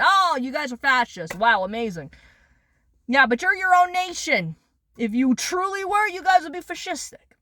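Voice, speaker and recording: A woman's voice: sits high, a bit bright, dry recording, studio quality. A woman ranting bluntly and sarcastically, swearing a lot, in a vlog. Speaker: vlogger. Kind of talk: angry profane rant.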